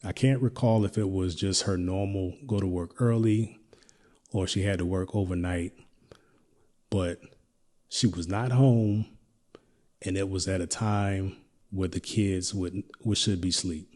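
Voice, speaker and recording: A middle-aged man hosting a podcast, telling a personal story in a reflective, halting way with many restarts. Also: deep voice, steady tone, a little mellow. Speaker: podcast host.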